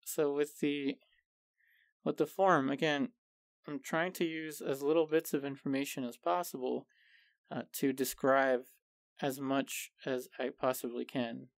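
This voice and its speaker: A man talks through a painting tutorial at a slow, patient pace, his voice carrying a gravelly edge. He explains each step calmly and methodically. The recording is close and dry, with no room sound. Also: mid-range voice, no echo. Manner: calm, unhurried step-by-step explaining. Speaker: art instructor.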